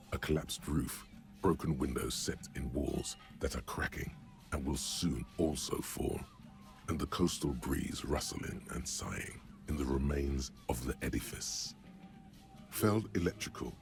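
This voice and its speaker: A grave, gravelly game narrator, his voice sitting extremely low with a rough fry. He describes scenes in a measured, dryly wry way, with faint music behind him.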